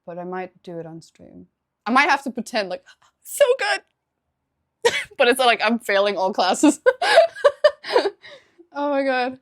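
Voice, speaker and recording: This live streamer is a young woman whose voice sits a bit high and fairly bright. She talks casually and expressively at a normal speed, chatting and laughing easily, and pauses now and then to thank viewers for subscribing.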